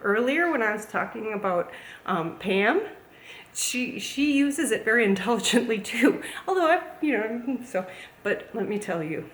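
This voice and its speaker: A woman's voice: fairly high pitch, lively intonation, a little slow. Gushing, playful woman vlogger. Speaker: plant YouTuber. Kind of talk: casual vlog chat. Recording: echoey room, faint ambience.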